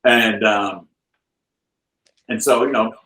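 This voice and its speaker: A film director and author guests on a podcast, telling a story in a loose, chatty way full of filler words. His voice is lowish and slow, and the audio is poor. A lively anecdote-teller, he shifts his voice to act out the people he quotes.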